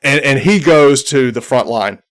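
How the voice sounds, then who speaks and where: Halting male game master narrating. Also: mid-range voice, expressive, fairly bright tone. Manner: halting, full of ums and restarts.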